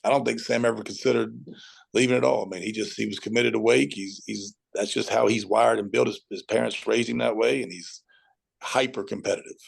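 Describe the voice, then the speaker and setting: A middle-aged man, a high school football coach, telling stories as an interview guest and acting out his own shouting at the TV. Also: fairly quick, gravelly, breathy edge. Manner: animated storyteller, acts out shouting at the TV.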